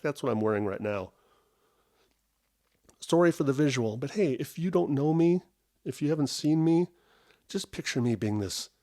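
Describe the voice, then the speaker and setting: A man's voice: medium pitch, darkish tone. Rambling, wry middle-aged man. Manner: rambling, self-interrupting, wry and self-mocking. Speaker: podcast host. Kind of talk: casual solo podcast storytelling. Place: at home.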